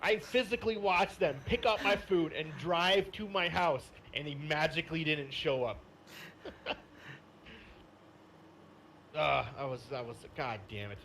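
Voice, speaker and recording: A man co-hosting a casual gaming podcast, telling a story with lots of swearing and bursts of laughter. His voice sits a little high and comes across bright and forceful. A faint hiss runs under the recording. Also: unhurried, long pauses. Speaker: podcast co-host. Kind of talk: casual chat.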